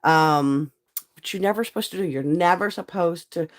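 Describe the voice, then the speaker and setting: A hoarse, croaky woman, hosting a live stream in folksy, chatty talk and greeting viewers by name. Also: on the low side, normal speed. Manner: chatty, folksy, laughs often. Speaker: livestream host and seller.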